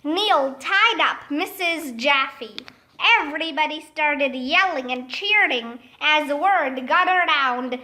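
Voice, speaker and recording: A woman reads a children's chapter book aloud at an unhurried pace. Her voice sits high and bright, and it leaps upward whenever a character shouts. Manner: jumps up in pitch for excited characters' shouts. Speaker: storybook reader.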